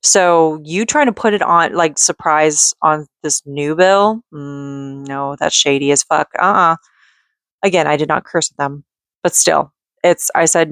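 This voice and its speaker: A woman with a lowish voice vents into the camera in a casual vlog. She rambles in frustrated bursts, full of "like" and "um". The sound is dry and close. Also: a little slow, fairly bright tone, dry recording. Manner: frustrated, rambling, talks in bursts with many fillers. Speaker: vlogger; mother and call center worker.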